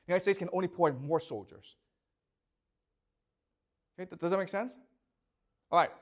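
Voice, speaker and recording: A man's voice: high-pitched, moderate pace. A man lecturing a classroom, asking students questions and checking often whether they follow.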